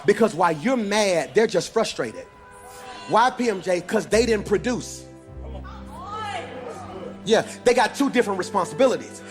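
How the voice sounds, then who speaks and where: High-voiced preaching pastor. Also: male voice, moderate pace, pauses often, music in the background. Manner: animated preaching, shifting from low teaching to shouted sing-song whooping. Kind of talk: sermon. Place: church sanctuary with congregation.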